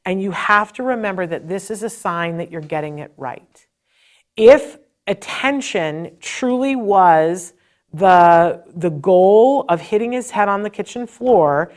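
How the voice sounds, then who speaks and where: A middle-aged woman speaks as a podcast host, sharing a personal parenting story. Her delivery is earnest and emotional, conversational with fillers and restarts. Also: mid-range voice. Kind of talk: personal storytelling advice talk.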